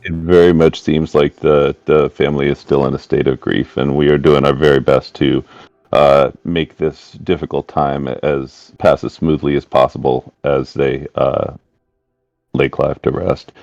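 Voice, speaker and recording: Gravelly, formal man playing an undercover agent. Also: very deep voice, flat delivery, darkish tone, no room sound, muffled recording, full character voice. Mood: courteous. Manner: formal and courteous, with filler pauses. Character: smooth, polite male undercover agent.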